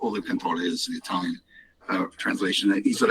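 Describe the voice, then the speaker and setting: A man's voice: deep voice, quick pace, fairly bright tone, breathy edge, distant mic, poor audio. A man presenting his company's products on a call, in a rambling, upbeat way with many fillers and restarts. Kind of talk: casual business presentation on a call.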